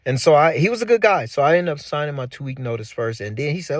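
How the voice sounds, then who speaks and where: A man in his forties tells his own life story to the camera, casual and animated, and drives his points home by repeating them. His voice runs a touch high and sounds dry and close, with no room echo. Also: fast talker, few pauses. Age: 40s. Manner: animated, preachy, repeats for emphasis. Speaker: channel host.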